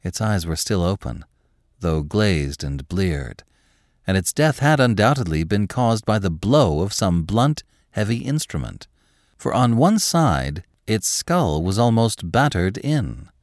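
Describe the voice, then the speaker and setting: A man narrating a classic story in a measured, expressive storytelling manner. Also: on the low side, no echo, clean studio sound.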